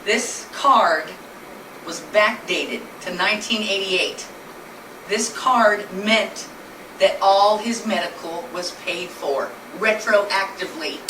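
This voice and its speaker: A woman's voice: medium pitch, slow, fairly bright tone. A woman telling her husband's illness story in an earnest, plainly spoken way, speaking from a distance in a noisy, echoey room. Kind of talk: personal storytelling presentation.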